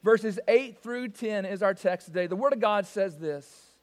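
A man's voice: high voice, measured pace. A man from the American South, a pastor with a Southern US accent, preaching a folksy, joking, conversational sermon. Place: church sanctuary. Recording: long reverb of a church hall.

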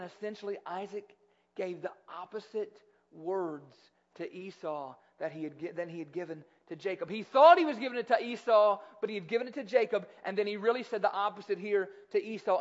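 A male pastor giving a sermon, reading scripture aloud and then explaining it in animated, conversational words. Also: high-pitched. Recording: slightly dull lo-fi sound.

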